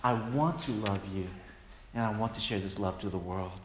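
A man's voice: fairly low pitch, normal speed. A male pastor preaching a sermon with emphatic, repeated refrains, recorded in a church hall. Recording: echoey hall with long reverb, faint noise.

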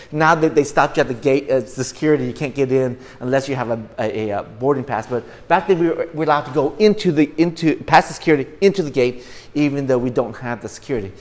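A middle-aged man preaching a sermon to a congregation, earnest, often repeating and restarting words, rising now and then to loud, emphatic bursts. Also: fairly high pitch, fast talker, in a large hall. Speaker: pastor.

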